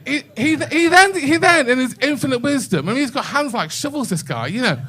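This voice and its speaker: A man's voice: extremely high pitch, animated, a little fast, fairly bright tone. An older man doing a bawdy stand-up comedy set in a comedy club, telling a story and chatting with the crowd.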